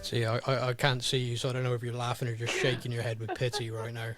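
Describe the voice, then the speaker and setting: A man hosting a podcast in casual chat, eager and quick to laugh at himself. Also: mid-range voice, completely flat delivery, loud music behind the voice. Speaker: podcast host.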